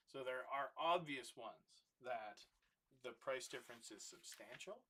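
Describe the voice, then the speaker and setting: A man with a bright, crisp voice hosts a casual livestream, rambling through his process at an ordinary pitch. He thinks out loud and keeps slipping into quiet asides to himself mid-task. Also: animated, measured pace. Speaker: livestream host building Lego.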